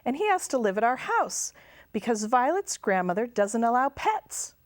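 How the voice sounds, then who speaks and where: A woman's voice: a little high, very animated, normal speed, no echo, studio quality, pitched above the performer's own voice. A woman voicing a cautious, nervous little girl in a storybook reading. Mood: earnest. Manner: timid, careful.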